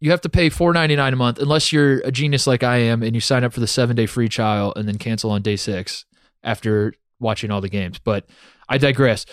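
A young man rambles through a casual sports chat on a podcast. He sounds animated and sarcastic, and he leans on plenty of filler words. His voice is dry and close, with no room sound at all. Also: mid-range voice, fairly quick, no echo. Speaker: podcast co-host.

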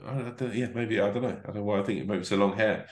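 Low-voiced male comic, rambling sweary anecdotes, roomy echo. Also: fairly even intonation, rapid-fire. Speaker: comedian guest. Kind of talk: casual podcast storytelling.

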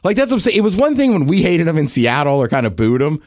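A man co-hosting a podcast, chatting loosely about sports, rambling with plenty of "like" and quick laughs. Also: a little high, very animated, a little mellow, no echo, clean studio sound. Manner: rambling, lots of "like", laughs often. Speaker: podcast co-host. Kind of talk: casual sports chat.

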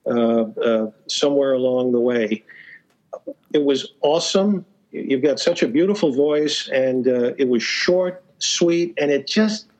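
This is a casual storytelling interview in which a male podcast guest chats loosely, stumbling, restarting, dropping fillers and chuckling at times. His mid-range voice is unhurried and somewhat dark in tone, and the audio quality is poor.

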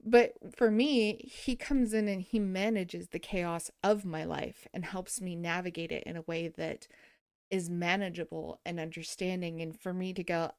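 A woman hosting a podcast, chatting casually and telling animated stories with frequent laughter. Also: fairly low pitch, normal speed, smooth, no echo, clean studio sound. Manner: animated storyteller, laughs often. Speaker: podcast host.

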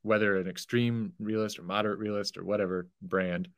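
A man's voice: on the low side, fairly even intonation, a little fast, dry recording, clean studio sound. A man on a podcast as a guest, explaining philosophy carefully and correcting himself as he goes.

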